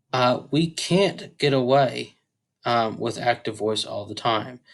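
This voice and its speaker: A man teaching a grammar tutorial, explaining step by step with a few fillers. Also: medium pitch. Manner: slow, deliberate explaining with occasional fillers.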